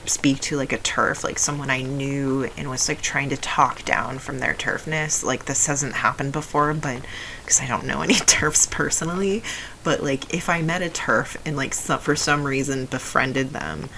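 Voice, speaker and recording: A young adult woman with a low voice often taken for a man's, telling a personal story in a rambling way with many fillers and restarts. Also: normal speed, creaky, pushed and bright, slight background noise, poor audio. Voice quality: low voice often heard as male. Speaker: video essayist.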